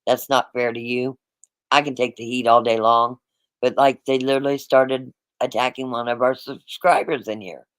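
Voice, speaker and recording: A man's voice: medium pitch, level tone, moderate pace, clean tone, no room sound, poor audio. A man hosting a livestream, talking straight to his chat in a rambling, repetitive, casual way. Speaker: livestream host.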